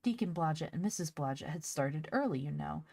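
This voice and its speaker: A woman's voice: deep voice, lively intonation, brisk, gravelly, a little mellow, dry recording, heavily acted. Brief: practical young boy, read by a woman, matter-of-fact, dry audiobook. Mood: plain. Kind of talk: audiobook character voice.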